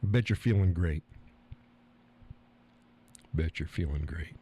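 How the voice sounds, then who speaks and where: A man's voice: low-pitched, takes it slowly, warm tone, a little hiss or hum. A man hosting a live stream, rambling and chuckling as he reads viewer comments. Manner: chuckling, rambling, joking with profanity. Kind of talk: casual chat reading viewer comments.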